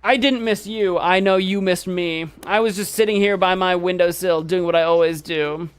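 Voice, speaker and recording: A man's voice: sits high, fairly even intonation, normal speed, clear, resonant tone, natural voice. A man voicing a pampered female house cat who is aloof and pleased with herself. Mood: smug. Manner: aloof, self-satisfied.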